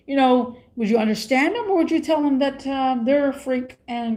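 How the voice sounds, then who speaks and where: A woman's voice: high-pitched, moderate pace, mellow. A woman vlogger rambling in a casual rant, repeating her questions.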